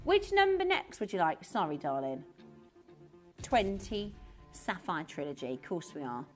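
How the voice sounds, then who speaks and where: A woman's voice: on the low side, very animated, measured pace, soft background music. A woman presenting on a live shopping channel in a chatty way, full of rhetorical questions. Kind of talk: live TV selling chat. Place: TV studio.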